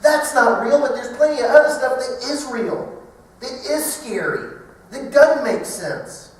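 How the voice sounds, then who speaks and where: A middle-aged man speaking at a banquet, telling a funny personal story in an animated way and acting out the voices. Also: extremely high pitch, a little slow. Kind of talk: humorous storytelling talk. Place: large banquet hall. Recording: echoey hall from far off.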